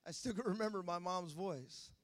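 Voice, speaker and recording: A man preaching a sermon in a lively, joking, conversational way. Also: high-pitched, normal speed. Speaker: pastor.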